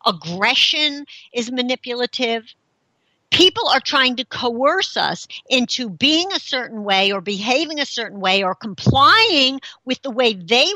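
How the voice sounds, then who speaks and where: A woman's voice: fairly high pitch, pushed and bright, no room sound. A middle-aged woman hosting a talk show, chatting casually, laughing often and explaining with everyday examples. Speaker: host.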